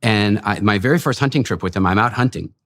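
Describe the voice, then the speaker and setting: Male speaker, low voice, rapid delivery, animated storyteller who plays out the dialogue, dry close-mic sound. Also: no room sound. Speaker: guest speaker and lecturer. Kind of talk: conversational interview storytelling.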